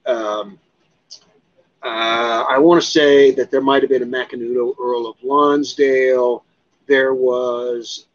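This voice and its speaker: A man telling a story as an interview guest, animated and profane, acting out what others said. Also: medium pitch, dull audio. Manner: animated, profane, acts out other people's lines. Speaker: guest, cigar expert.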